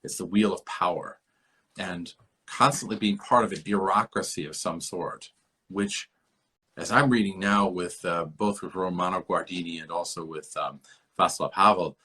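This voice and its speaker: A man's voice: low voice, bright, forceful tone, slightly rough. A man hosting a podcast, musing at length in a rambling, lecturing way about a book, repeating himself as he thinks aloud over a remote call. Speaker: podcast host. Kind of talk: rambling literary discussion.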